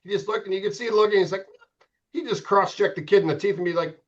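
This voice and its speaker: A man's voice: high voice, fast, highs cut off. A middle-aged man, a former hockey goalie, telling profane, laughing stories as a podcast guest. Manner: profane, laughing storyteller with frequent restarts. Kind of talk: casual storytelling chat.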